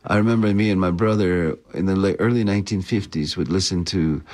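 A man, a poet, recalling his childhood in an interview in a reflective, halting way. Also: sits low, a little mellow. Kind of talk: interview recollection.

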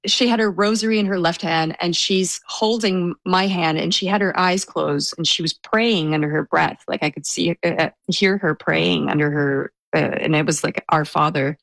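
A soft-spoken woman telling a personal story in an interview, with hesitant restarts and a self-described introverted manner. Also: fairly low pitch, creaky, no echo. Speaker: guest recounting a personal story.

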